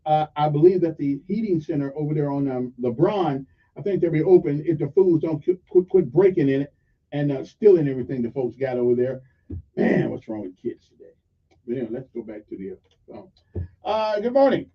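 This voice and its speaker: A man's voice: a little high, expressive, brisk, breathy edge. A man hosting call-in talk radio in a rambling, folksy storytelling manner, on a dull lo-fi radio recording. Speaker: radio talk show host.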